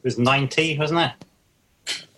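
A man's voice: medium pitch, slow pace, background noise. A man co-hosting a casual film podcast, telling anecdotes with hedges and acting out quotes. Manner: anecdotal, hedging, acts out quotes. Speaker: podcast co-host.

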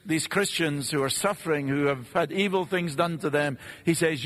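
A man preaching a sermon in an earnest, measured way, posing rhetorical questions and pausing for effect. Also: a little high, a bit bright. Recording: long reverb of a large hall.

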